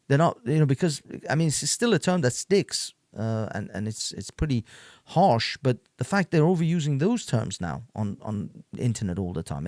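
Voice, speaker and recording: A man's voice: mid-range voice, a little mellow, no room sound, clean studio sound. A man hosting an online stream, reacting to clips in a loose, rambling rant full of repeats and laughs. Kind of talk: casual ranting commentary.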